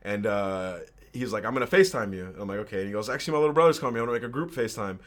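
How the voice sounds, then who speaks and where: A man's voice: fairly low pitch, very fast. A man in his twenties, a podcast guest, casually telling a personal story with slang and swearing. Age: 20s.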